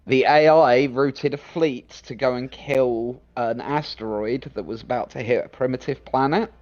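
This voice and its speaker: A man on a voice call during a multiplayer game, explaining what happened in an animated way, with some swearing. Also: mid-range voice, normal speed, highs cut off. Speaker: player in a multiplayer game session. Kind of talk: casual group chat over voice call.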